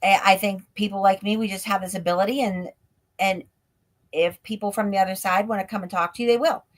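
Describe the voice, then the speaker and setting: A woman's voice: medium pitch, steady tone, a little fast. Chatty woman telling stories on a stream call. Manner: chatty, leans on filler "like"; laughs often while telling stories. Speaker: guest, ghost tour guide. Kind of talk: casual storytelling in an interview. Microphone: remote live stream call.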